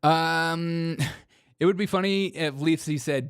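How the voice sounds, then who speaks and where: A man's voice: on the high side, moderate pace, smooth, no room sound, studio quality. A man hosting a casual political reaction show, joking and mocking what he plays. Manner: joking, mocking, lively, laughs often. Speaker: political commentary host.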